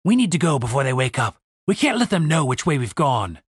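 A man's voice: mid-range voice, very animated, a little fast, breathy edge, no echo, studio quality. Man voicing a cocky half-elf fighter. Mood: sly. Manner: curt, commanding, sly.

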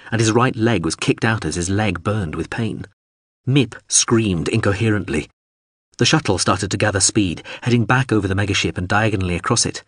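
A man narrating an audiobook, reading an action scene in a steady, dramatic way on a close studio mic. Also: lowish voice, no room sound.

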